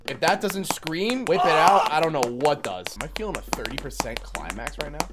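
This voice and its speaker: A man's voice: fairly high pitch, big pitch swings, fairly quick, few pauses. Joking young man yelping over gameplay. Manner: loud, joking, swings from whispers to yelps. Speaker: gaming YouTuber. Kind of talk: let's play commentary. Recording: noisy background, mouse clicks.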